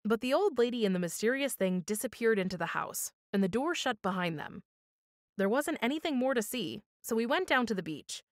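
A woman reading a children's story aloud for storytime, with expressive, measured storytelling. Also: a little high, no echo, studio quality. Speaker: storytime reader.

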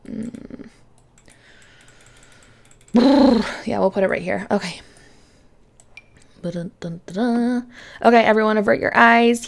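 Chatty young woman with a gravelly edge. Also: a little high, slow, long pauses. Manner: chatty, excitable, drops to whispers. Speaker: gaming YouTuber. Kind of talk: casual let's-play commentary.

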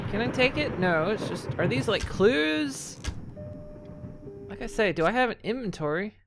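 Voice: mid-range voice, expressive, normal speed. A gamer giving curious, muttering let's play commentary, with casual swearing while exploring. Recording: voice over game music.

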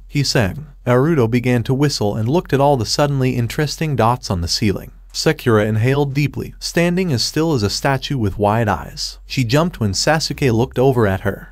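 A man narrating a fan fiction story aloud in an even, steady reading voice. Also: medium pitch, normal speed, few pauses, no room sound, studio quality.

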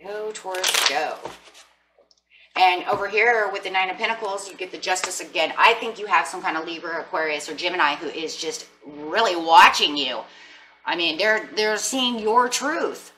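A woman's voice: on the low side, a little fast, sharp tone, distant mic, a little hiss or hum. A middle-aged woman giving a casual tarot reading in a playful, sassy, chatty way. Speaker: tarot reader.

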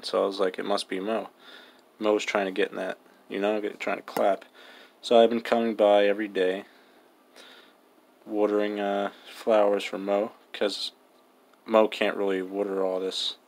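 A man's voice: on the low side, level tone, moderate pace, gravelly. A young man giving casual, joking gameplay commentary, mumbling and swearing freely. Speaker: gaming vlogger.

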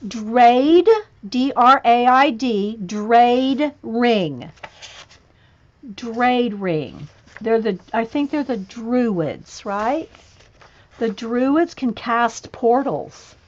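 Slow-talking chatty woman. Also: a little high, lively intonation. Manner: chatty, chuckling, reads out spellings and checks pronunciations. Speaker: livestream host. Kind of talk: casual livestream chat, flipping through a coloring book. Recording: muffled lo-fi livestream audio.

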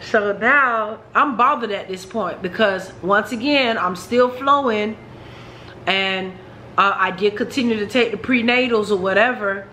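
A woman's voice: mid-range voice, unhurried, bright, forceful tone, slight background noise, rough recording. A woman vlogger telling a personal story in a frank, chatty way, talking straight to her viewers.

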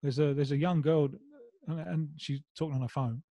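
A man's voice: on the high side, steady tone, normal speed, dark tone, no echo. A man with a Mancunian accent, a guest in a casual football chat, rambling with restarts and wry humour. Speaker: guest pundit. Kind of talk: casual discussion.

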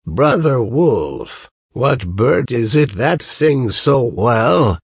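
A man voicing a simple-minded male bear in a storybook reading, in his own slow voice. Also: medium pitch, sing-song, gravelly, breathy edge, no echo, studio quality, full character voice. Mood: curious.

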